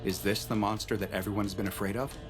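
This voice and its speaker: A man reads a scripted horror tale at a measured, even pace, his voice pitched fairly low. Loud background music plays under his narration throughout. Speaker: narrator of the reacted video.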